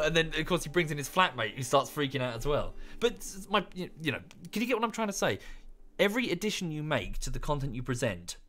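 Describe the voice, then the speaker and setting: A man's voice: fairly high pitch, a bit bright. A young British man talking casually on a live game stream, ranting in a rambling, self-correcting way. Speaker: streamer and YouTuber. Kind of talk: casual live-stream chat while gaming.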